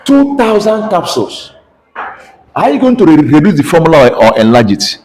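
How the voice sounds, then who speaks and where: A Nigerian-accented pharmacy lecturer works through calculations in class, repeatedly quizzing students in call-and-response fashion. He speaks at a moderate pace in a slightly high, darkish voice with big pitch swings, captured in a rough recording.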